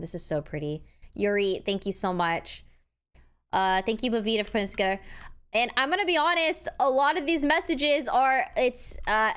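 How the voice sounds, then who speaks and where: A woman live streamer chatting casually, excitable and swinging between loud outbursts and quiet mumbles, grateful and playfully defensive. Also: fairly high pitch, clear, resonant tone. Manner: playfully defensive toward chat; warm and grateful, thanking people one after another.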